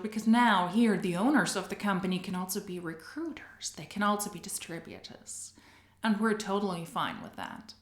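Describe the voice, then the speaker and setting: A woman's voice: mid-range voice, animated, normal speed, reverberant. A woman giving sarcastic reaction commentary, mocking what she plays with dry asides. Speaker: commentary video creator.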